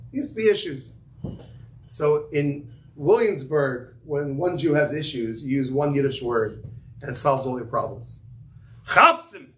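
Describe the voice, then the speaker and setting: A man leads a relaxed Torah class and tells stories loosely, with many asides and Yiddish and Hebrew terms. The room is echoey, and a faint hum of ambient noise sits under his voice. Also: mid-range voice. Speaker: yeshiva teacher giving a class. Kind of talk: casual Torah class with students.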